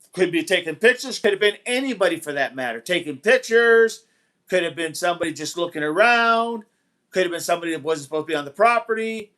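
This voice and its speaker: Guy with a high-ish voice hosting a livestream, rambly, keeps repeating himself, says hi to chat. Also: fairly bright tone. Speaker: livestream host. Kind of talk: casual live-stream talk, reading chat.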